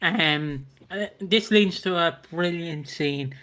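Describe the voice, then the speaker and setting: A man's voice: on the high side, takes it slowly, pushed and bright. A man hosting a podcast, chatting in a rambling, sweary, giggly way. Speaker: podcast host. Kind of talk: casual chat recapping a soap.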